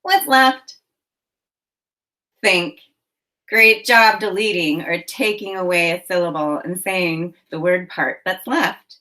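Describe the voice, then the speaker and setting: Very slow-speaking woman teacher. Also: lowish voice, pushed and bright. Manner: slow, deliberate prompts with praise. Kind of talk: phonemic awareness lesson for children.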